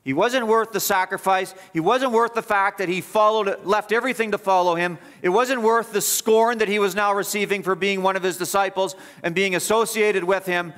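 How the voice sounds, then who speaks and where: A man preaching a sermon as pastor, emphatic and repetitive, building up and then dropping low. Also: fairly even intonation, normal speed, hardly any pauses, fairly bright tone. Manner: emphatic, repetitive preaching with rising and falling intensity. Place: church.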